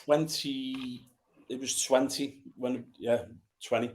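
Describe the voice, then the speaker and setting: Blunt English ex-footballer chatting. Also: male voice, medium pitch, steady tone, slow pace. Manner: blunt, dry humour. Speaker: podcast co-host, former footballer. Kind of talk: casual chat.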